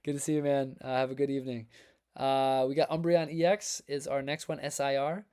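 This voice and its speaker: Energetic man hosting a card livestream. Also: mid-range voice, fairly quick, clear, resonant tone. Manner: energetic, hype-filled, talks to chat as folks and man. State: voice worn from long reading. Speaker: livestream host reviewing trading cards. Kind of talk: casual livestream chat reading viewer comments.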